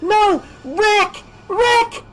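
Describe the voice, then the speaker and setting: A man's voice: sits high, a little slow, darkish tone, pitched above the performer's own voice. A man voicing a frightened teenage girl heroine in an audiobook, pleading and crying out. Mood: screaming. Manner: pleading, screaming, then grimly determined.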